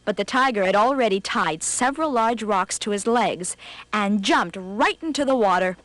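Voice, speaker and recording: A woman narrating a children's storybook in a scripted, expressive read, slowing for effect. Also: mid-range voice, dry recording.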